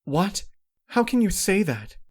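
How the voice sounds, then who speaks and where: A man's voice: high voice, very animated, measured pace, breathy edge, pitched above the performer's own voice, full character voice. A man voicing a desperate, frightened female pony princess in a storybook reading. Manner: pleading, panicked.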